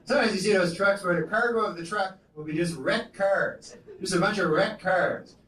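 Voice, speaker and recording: High-voiced man rambling deadpan on stage. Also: moderate pace, far from the mic, slight background noise. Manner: rambling, deadpan delivery with many "you know"s. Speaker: stand-up comedian. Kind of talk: stand-up comedy set. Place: comedy club stage. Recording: echoey live club recording with loud crowd laughter. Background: audience laughing.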